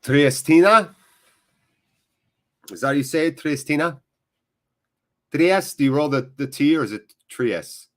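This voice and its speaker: A man's voice: mid-range voice, expressive, brisk, few pauses. An American man hosting a live football watchalong, chatting in a rambling, casual way straight to his viewers, sounding emotionally drained. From United States. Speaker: watchalong host.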